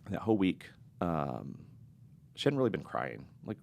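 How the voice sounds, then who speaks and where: A man's voice: sits low, big pitch swings, moderate pace, gravelly, darkish tone, slight background noise. A middle-aged man telling his own story in an earnest, confessional and reflective way during a podcast interview.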